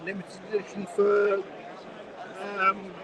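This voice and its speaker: A man's voice: high-pitched, completely flat delivery, takes it slowly, background noise. A man hosting a live stream, chatting enthusiastically as he walks around a watch fair and asks exhibitors questions. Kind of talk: casual walk-around commentary. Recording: crowd chatter from a busy fair.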